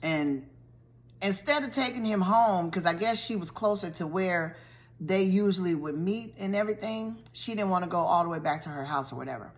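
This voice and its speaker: A woman vlogger recapping a TV show's plot in a lively, colloquial storytelling style, full of slangy asides. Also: on the low side, normal speed. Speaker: vlogger reviewing a TV show.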